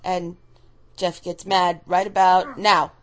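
A woman's voice: fairly low pitch, flat delivery, slow, poor audio. Rambling, laughing woman in her thirties. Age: 30s. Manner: rambling, chatty, often laughing; loses her train of thought. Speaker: director giving commentary. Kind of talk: casual live commentary.

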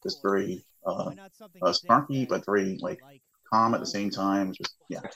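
A man's voice: low-pitched, normal speed, a bit bright, low-quality recording. A man hosting a casual chat about an audio drama, often repeating words while he searches for them. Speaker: podcast host.

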